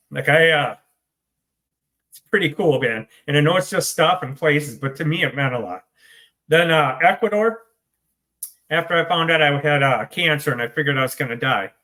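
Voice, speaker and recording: A man's voice: on the high side, sharp tone. A middle-aged man from the United States, telling his own recovery story in an interview, blunt and swearing, self-deprecating. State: choked up. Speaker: interview guest, author in recovery.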